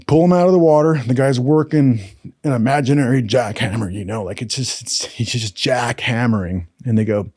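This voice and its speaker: A man spins loose, profanity-laced anecdotes in a casual storytelling voice, and he keeps slipping into quick impressions of the people in them. His voice is dry and close, with no room sound around it. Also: mid-range voice, a little mellow, dry recording. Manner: profane, rambling anecdotes with acted quotes.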